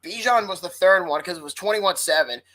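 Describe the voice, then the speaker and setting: A woman's voice: fairly low pitch, a little fast, fairly bright tone, rough recording. A woman co-hosting a sports podcast, ranting hotly and swearing freely in casual talk. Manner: heated, profane ranting. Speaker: podcast co-host.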